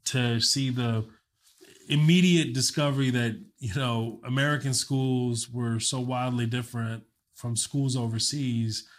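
Male comedian guest, medium pitch, loose profane storytelling, upbeat. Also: steady tone, measured pace. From Kuwait, raised in Texas. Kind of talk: casual storytelling.

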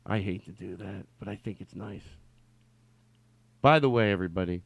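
A middle-aged man hosting a comedic podcast in a studio, rambling and excitable, swinging between yelling and quiet mumbling. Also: sits low, moderate pace, gravelly, a little hiss or hum. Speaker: podcast host. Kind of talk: loose comedic podcast talk. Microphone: studio mic.

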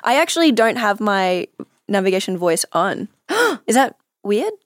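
A woman's voice: mid-range voice, sing-song, measured pace, background noise. A young adult woman with an Australian accent, a commercial actor chatting casually as a guest, giggling often and joking at her own expense. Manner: giggly, self-deprecating. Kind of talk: casual chat.

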